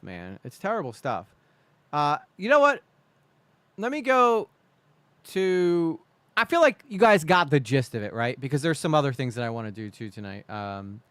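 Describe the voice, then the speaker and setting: A man's voice: a little high, a bit bright, clean tone, no echo. A man streaming live, reacting to a video with indignant, profane rants.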